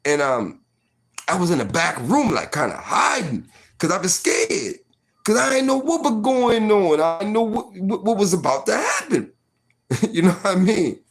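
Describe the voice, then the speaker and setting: A man's voice: sits high, very animated, normal speed. A man in his forties telling a personal story casually, full of fillers like "you know what I mean".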